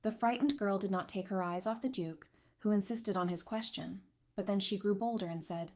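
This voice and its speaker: A woman giving scripted narration of a romance comic recap in an even, steady storytelling manner. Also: medium pitch, moderate pace, a little hiss or hum.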